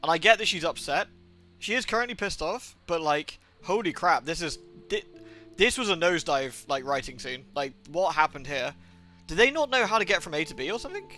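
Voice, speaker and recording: High, bright-voiced excitable male streamer. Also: fairly quick. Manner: excitable, sarcastic, swears freely. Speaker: game streamer. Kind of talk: casual gaming commentary.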